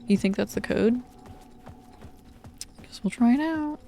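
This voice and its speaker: A woman streamer talks over a game in casual, musing asides that often trail off, her voice gravelly and unhurried. Her tone is dark and mellow, with faint music under it. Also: on the high side, lively intonation. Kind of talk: casual gameplay commentary.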